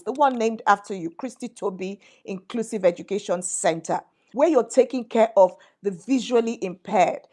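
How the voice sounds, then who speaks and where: A middle-aged woman leading a conversation with her family. She teases gently, then poses questions in a steady voice of ordinary pitch. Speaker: host.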